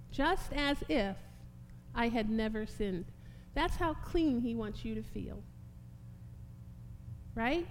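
Woman preacher, impassioned sermon, high and slow, reverberant hall. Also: expressive. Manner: impassioned, rising to emphatic peaks. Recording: long hall reverb, faint hum.

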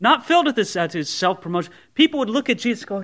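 Man, pastor preaching to a congregation, high voice, bright tone, conversational. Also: very animated, rapid-fire, hardly any pauses. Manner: conversational, voices imagined objections. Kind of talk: expository sermon. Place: church service before a congregation.

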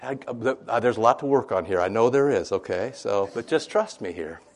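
A man with a fairly low voice teaches scripture in a loose, conversational way. He recasts the old story in modern slang and keeps checking in with his listeners. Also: animated, fairly quick. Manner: chatty, keeps asking "right?", retells scripture in modern slang. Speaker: Bible teacher. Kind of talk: informal scripture lesson.

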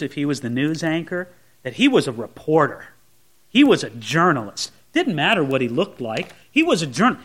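A high-voiced male pastor delivers a sermon with animation, dramatizing the scenes and shifting into various voices as he goes.

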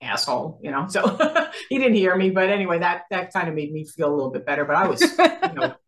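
She talks fast in a fairly low voice: a sixty-something New Jersey woman guesting on a casual interview. Laughing frequently, she animatedly tells a story and acts out the lines of dialogue.

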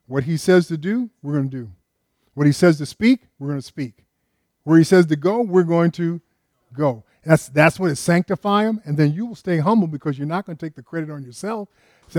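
A man's voice: fairly high pitch, fairly quick, darkish tone, no room sound, studio quality. An older man preaching a sermon with emphasis, often putting questions to his congregation. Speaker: pastor.

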